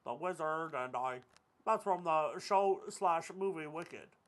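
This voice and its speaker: Taking it slowly, this young gaming creator has a slightly high voice that sounds a bit bright. Over his gameplay he offers casual commentary, rambling and cracking jokes while cursing at the game.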